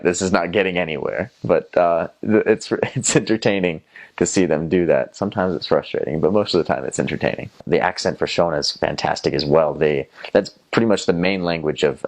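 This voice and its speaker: Here a young man with a creaky, low-pitched voice and a Southern American accent tells casual stories about his missionary past. He's from North Carolina, USA, and his rambling delivery is packed with fillers, restarts, and mimicked voices.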